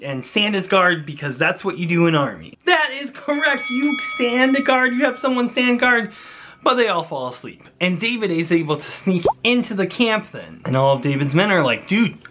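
A young man giving a playful Bible lesson for children, animated and jokey, talking straight to the kids. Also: high-pitched, normal speed, background noise.

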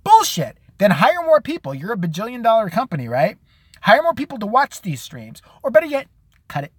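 Lively, foul-mouthed ranting man. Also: high-pitched, a little fast, husky, no room sound. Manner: crude, sarcastic, mocking impressions. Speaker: show host. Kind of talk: profane comedic rant.

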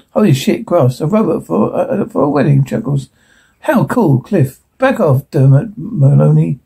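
A man reading a show transcript aloud in one voice, stage directions included, in a flat, stumbling way. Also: on the high side, creaky, slightly rough.

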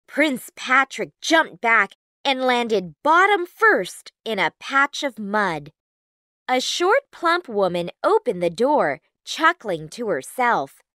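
A woman narrating a children's storybook clearly for learners. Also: fairly high pitch, very animated, takes it slowly, bright, forceful tone, dry recording, clean studio sound.

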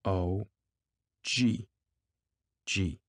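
Male reader as a flat, tired policeman, deep voice, dry sound. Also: very slow, no echo, heavily acted. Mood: matter-of-fact. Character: weary male motorcycle policeman, matter-of-fact.

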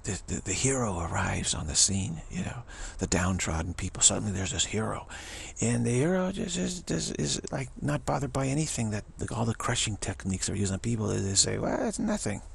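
A man giving rambling spiritual commentary, chuckling and halting with many restarts. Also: on the low side, lively intonation, vocal fry, slight background noise.

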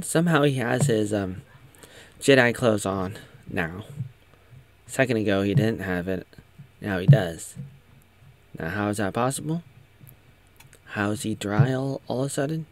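Low-voiced, slow sarcastic man. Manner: sarcastic, rambling, with restarts. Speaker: show recap commentator. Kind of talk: casual commentary.

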